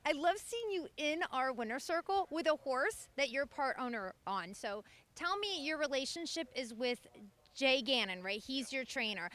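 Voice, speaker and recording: A woman's voice: high-pitched, sharp tone, no echo. A woman hosting a casual interview, bubbly and laughing often. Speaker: show host, interviewer.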